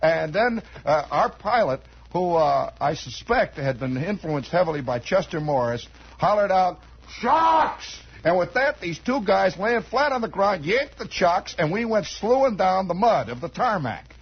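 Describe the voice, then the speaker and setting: A man's voice: high voice, expressive, moderate pace, few pauses, slightly rough. Man telling a rambling comic radio yarn. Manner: rambling comic storytelling with acted-out shouts. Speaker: radio storyteller host. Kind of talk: improvised radio monologue. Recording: dull lo-fi 1960s radio broadcast.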